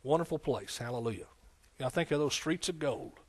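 A man's voice: mid-range voice, expressive, brisk. A man preaching a folksy, conversational sermon, with frequent amens and hallelujahs. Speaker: pastor.

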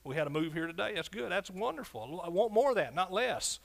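A man preaching a fervent sermon as pastor, swinging from loud shouts to quiet, low asides. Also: very animated, a little fast, gravelly.

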